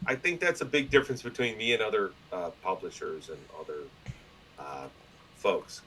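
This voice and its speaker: A man telling stories as a guest in a casual interview, loud, profane and animated, slipping into other people's voices. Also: fairly low pitch, moderate pace, a little hiss or hum, poor audio. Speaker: podcast guest and publisher.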